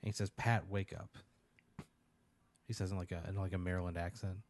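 Guy spinning a goofy hypothetical, deadpan, lots of "like", lowish voice. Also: racing. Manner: rambling, deadpan, lots of fillers and "like". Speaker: podcast host. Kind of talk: casual comedic storytelling.

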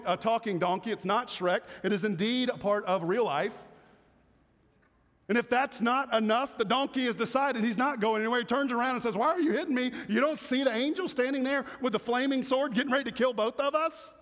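Male pastor, high voice, animated preacher, big reverberant church hall. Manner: animated preaching, swings between loud emphasis and soft asides. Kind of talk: sermon.

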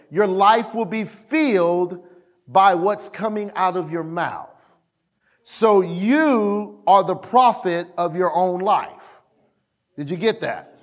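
A male pastor delivers a sermon with a fairly high voice. He is emphatic, repeats his key lines and calls for responses from the congregation. He swings between loud exhortations and low asides.

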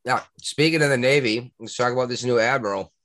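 A man's voice: medium pitch, fast, over a noisy crowd. A man hosting a casual podcast, talking bluntly with crude jokes.

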